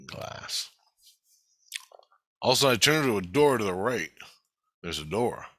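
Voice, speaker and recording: Agitated, swearing man with a bright, lower voice. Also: sing-song, unhurried, no echo. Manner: heavy swearing, agitated and rambling. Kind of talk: casual spoken monologue recounting a spiritual experience.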